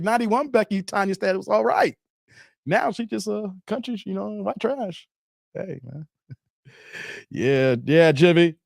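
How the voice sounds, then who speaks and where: Animated, high-voiced laughing host. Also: male voice, vocal fry, dry recording, clean studio sound. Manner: animated, laughing, slangy, rambling. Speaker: show host. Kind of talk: casual livestream chat.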